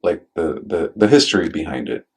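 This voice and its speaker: A man's voice: very deep voice, animated, a little fast, a little mellow, slightly rough. A man hosting a casual chat, asking curious questions and rambling through his thoughts.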